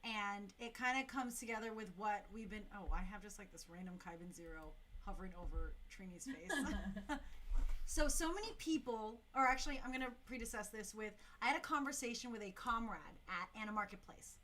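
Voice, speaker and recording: Bright, upbeat young woman hosting a talk show. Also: medium pitch, brisk, a little hiss or hum. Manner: enthusiastic and chatty, full of slang and fillers. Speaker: talk show host for a dance crew. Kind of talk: casual talk show announcements.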